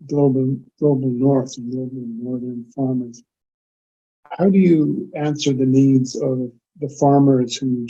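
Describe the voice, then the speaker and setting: A man moderates a webinar, pausing on fillers as he reads out audience questions and asks his own. His voice is very dark and husky. The sound comes through a dull, lo-fi line. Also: medium pitch. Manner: halting, with fillers between phrases. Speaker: webinar host.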